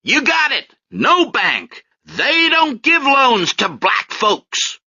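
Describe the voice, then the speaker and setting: A man's voice: very high voice, big pitch swings, slow, sharp tone, breathy edge, dry recording, highs cut off, pitched above the performer's own voice, full character voice. A male audiobook narrator voicing a wry young man who is a law student and street-corner activist, teasing and lecturing in an emphatic way.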